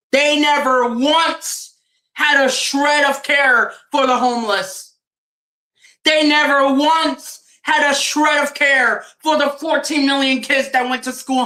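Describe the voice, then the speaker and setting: A woman's voice: high-pitched, sharp tone. A woman streaming a fired-up religious rant. She preaches, mocks, laughs and swears a lot.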